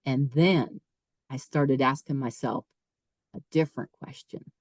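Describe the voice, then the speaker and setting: A woman's voice: extremely low pitch, steady tone, measured pace, a little mellow, no room sound. A middle-aged woman, a podcast guest, telling a personal story emphatically, repeating phrases and voicing her own thoughts.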